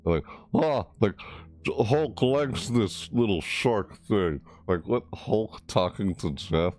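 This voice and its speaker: A man's voice: fairly low pitch, lively intonation, slow pace, a little mellow. A man giving casual, rambling gameplay commentary as a gaming YouTuber, amused and full of fillers and laughter.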